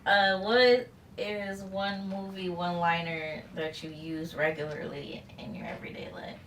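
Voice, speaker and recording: A woman co-hosting a podcast who asks the questions and shares stories in a relaxed, casual way, laughing softly. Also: lowish voice, a little slow. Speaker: podcast co-host asking the questions. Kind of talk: casual chat. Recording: roomy echo, distant mic, faint noise.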